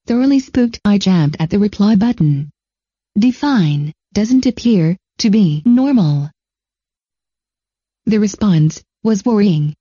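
A woman narrating a short story in a measured way. Her voice is very dark and husky, on a dull, dry lo-fi recording. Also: mid-range voice, expressive, dry recording. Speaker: story reader. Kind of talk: scripted narration.

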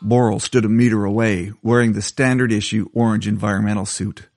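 Low-voiced man reading his stories. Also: steady tone, fairly quick, vocal fry, few pauses, darkish tone, dry recording, studio quality. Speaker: contributing story writer.

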